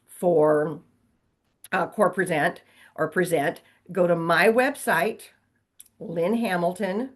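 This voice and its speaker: A woman teaching real estate agents in a training session, walking through steps and repeating key points. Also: lowish voice. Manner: instructive, repeats key points, asks okay.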